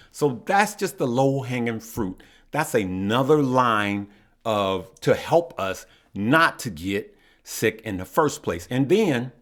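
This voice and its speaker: A man's voice: medium pitch, a bit bright. A man hosting a stock market channel, talking straight to his viewers in an earnest, passionate way and often tagging his points with "okay?". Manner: earnest, passionate, repeats himself and adds "okay?". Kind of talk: casual direct-to-camera talk.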